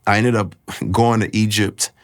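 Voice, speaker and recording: A man sharing a personal faith testimony, earnest and confessional, often pausing to find his words. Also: lowish voice, flat delivery.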